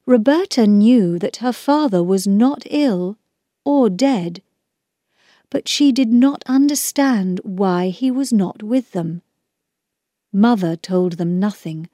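Slow, measured woman storybook narrator. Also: medium pitch, expressive, warm tone, no echo, clean studio sound. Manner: slow, clear, measured reading. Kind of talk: scripted narration of a children's book.

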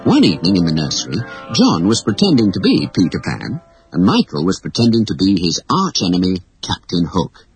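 A storyteller reading a children's story in an expressive, animated way. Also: deep voice, fairly quick, soft background music, poor audio.

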